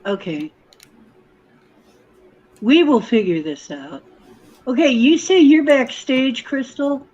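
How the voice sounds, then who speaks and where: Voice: sits high, lively intonation, takes it slowly, long pauses, darkish tone, dull audio. A podcast host on a video call, thinking aloud while fumbling with stream settings in casual chat. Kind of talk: casual live-stream tech troubleshooting.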